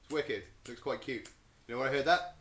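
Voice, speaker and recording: A young man co-hosting a casual podcast, telling stories with animated mock outrage. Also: medium pitch, a little fast, echoey room. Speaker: podcast co-host. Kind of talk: casual banter.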